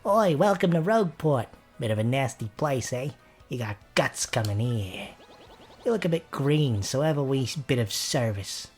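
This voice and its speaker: A man voicing a gruff, wry male dockside local with a grim sense of humour. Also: medium pitch, expressive, moderate pace, a little mellow, faint music behind, close to an everyday voice.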